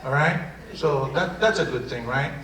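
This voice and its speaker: On a theater stage before an audience, an improv performer plays a defensive, brash immigrant comedian with a Spanish accent, speaking at a moderate pace in a fairly high, lightly acted voice. His mocking, lively delivery rambles and stammers. A distant mic in a roomy hall catches loud noise.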